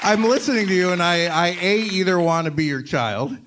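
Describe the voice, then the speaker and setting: A man bantering as co-host on a live comedy podcast, throwing in loud joking interjections. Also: high voice, expressive, brisk, noisy background.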